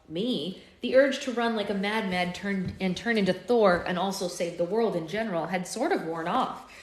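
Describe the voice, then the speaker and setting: A woman's voice: lowish voice, darkish tone. A woman hosting a live book club, chatting casually and reading a novel aloud with offhand asides. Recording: echoey room.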